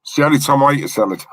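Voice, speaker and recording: Man, bright voice, dry close sound, chatty fan co-host, thanks viewers. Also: mid-range voice, slightly rough, dry recording. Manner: chatty, thanks viewers in the chat, excitable at the match. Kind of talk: live football watch-along chat.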